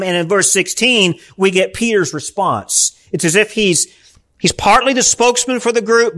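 A man's voice: sits high, sharp tone. A male pastor preaching a sermon in church, emphatic and asking the congregation rhetorical questions.

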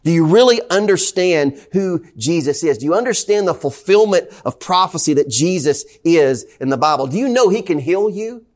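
A Southern US man preaches in a high, light voice, pressing the congregation with one question after another. His delivery stays casual and conversational, like a pastor talking straight to his church. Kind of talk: sermon. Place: church sanctuary.

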